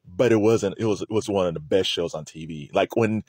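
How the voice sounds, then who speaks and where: A man's voice: low voice, a little fast, breathy edge, no echo, clean studio sound. A man hosting a video, talking casually and laughing often as he chats to the camera. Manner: animated, laughs often, loose and chatty. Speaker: video host.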